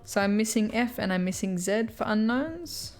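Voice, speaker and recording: A woman's voice: mid-range voice, expressive, normal speed, soft background music. Chatty Australian woman streamer. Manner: chatty, answers viewer comments, laughs often. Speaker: live streamer. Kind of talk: casual live-stream chat. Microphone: headphones with mic.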